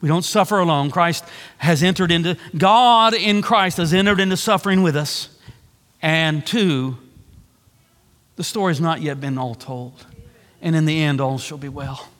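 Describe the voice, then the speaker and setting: A man's voice: a little high, a little slow, a bit bright, in a large hall. A man preaching a sermon, with earnest, repeated emphasis and a preacher's cadence. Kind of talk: sermon-style teaching on a book.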